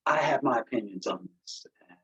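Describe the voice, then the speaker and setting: A man's voice: medium pitch, animated, brisk, a bit bright, husky. A man giving a casual, impassioned and sarcastic livestream briefing as an election integrity activist, talking from an office through a headset. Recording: muffled headset audio.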